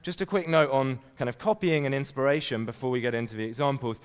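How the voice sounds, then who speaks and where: A man giving an energetic business keynote at a conference, tagging his points with "right?" and "you know". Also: mid-range voice, fast talker, clear, resonant tone, big-room sound. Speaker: conference speaker. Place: conference stage.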